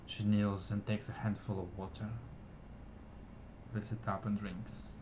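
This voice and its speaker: Male narrator for a fantasy story game: low voice, very unhurried, soft-spoken and deliberate delivery. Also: little pitch movement, background noise. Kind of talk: slow descriptive fantasy narration.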